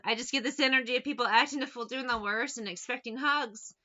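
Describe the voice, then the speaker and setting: A woman with a very bright, high-leaning voice talks bluntly and swears freely, telling anecdotes as a tarot reader. The recording is dull and lo-fi. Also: quick pace, slight background noise. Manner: blunt and profane, tells anecdotes. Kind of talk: casual straight-to-camera monologue.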